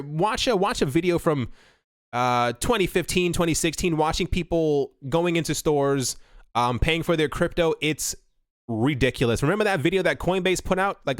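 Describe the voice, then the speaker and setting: A man's voice: on the high side, a bit bright, no echo, clean studio sound. A man hosting a casual crypto news show, reading items and then rambling in chatty asides. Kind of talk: casual commentary.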